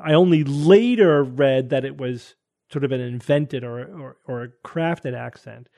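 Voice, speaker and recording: A man's voice: medium pitch, unhurried, gravelly, dark tone. A man hosting a casual panel talk show, thinking aloud and hedging with frequent restarts. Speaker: podcast host.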